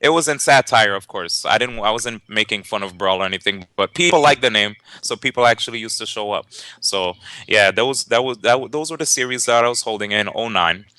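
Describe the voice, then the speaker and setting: Bright-voiced young man telling a story. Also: on the low side, brisk, smooth, no echo. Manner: lively, laughing storyteller with many fillers and restarts. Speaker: tournament organizer and commentator guest. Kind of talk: casual storytelling interview.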